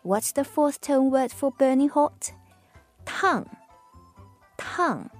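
Slow, mellow-voiced Chinese woman teaching. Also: high voice, steady tone, faint music behind. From China. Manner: patient, drawn-out model words. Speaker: Mandarin teacher. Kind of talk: slow pronunciation lesson.

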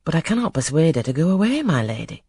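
Anxious footman, done by a reader, storybook reading, deferential, lively pitch, husky, dry. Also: quick pace, dry recording. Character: anxious male footman servant.

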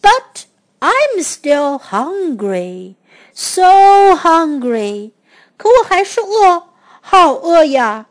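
A woman voicing a hungry male dinosaur in a children's storybook, speaking in a slow, drawn-out, emphatic way. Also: extremely high pitch, sing-song, full character voice.

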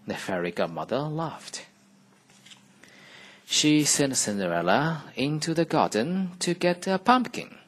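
Brief: male teacher narrating a fairy tale, slow and deliberate, breathy. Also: mid-range voice, very animated, a bit bright. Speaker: radio English teacher. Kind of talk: slow, expressive storybook reading.

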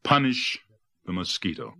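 A man's voice: fairly low pitch, wildly swooping pitch, slow pace, very noisy, heavily acted. A man voicing a stern male lion king who declaims the blame chain in a read-aloud picture book.

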